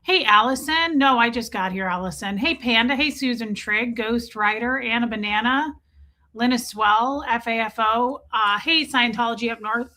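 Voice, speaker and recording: A woman's voice: on the high side, moderate pace, sharp tone. A woman hosting a casual livestream, chatting and rambling while greeting viewers by name. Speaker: livestream host.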